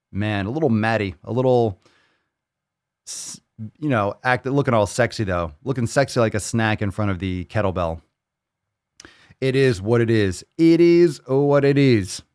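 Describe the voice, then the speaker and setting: A man hosting a fitness podcast in casual chat, joking and animated, swearing freely. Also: medium pitch, dry recording, studio quality. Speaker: podcast host.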